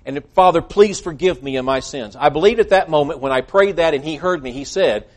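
A man's voice: fairly high pitch, expressive, brisk, hardly any pauses. A male preacher giving a sermon, earnest and emphatic, quoting scripture at length.

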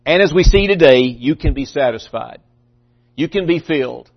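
An earnest male pastor delivering a sermon, emphatic and repeating himself as he builds his points. His voice sits a little high for a man. The recording is muffled and lo-fi. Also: animated, normal speed, gravelly. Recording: dull lo-fi recording.

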